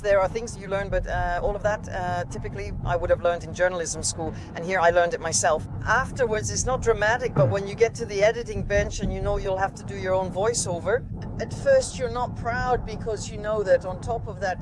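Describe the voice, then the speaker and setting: A woman's voice: medium pitch, fairly even intonation, normal speed, noisy background. A woman, an automotive TV journalist, chatting casually from inside a car and explaining things with many asides. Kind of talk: casual conversation.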